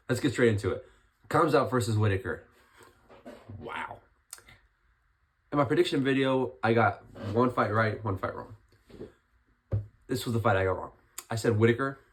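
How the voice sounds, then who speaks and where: A young man with a hoarse, worn voice, still getting over being sick, talking casually and rambling as he breaks down a fight night. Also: medium pitch. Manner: chatty, rambling, lots of restarts. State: hoarse, recovering from illness. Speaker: MMA commentary vlogger.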